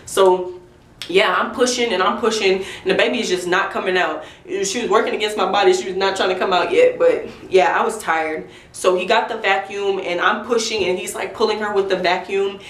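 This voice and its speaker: Young woman doing a chatty storytime vlog, talks right to viewers, mid pitch, a bit far from the mic. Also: steady tone, a little fast. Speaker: vlogger. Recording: roomy echo, mic at a distance.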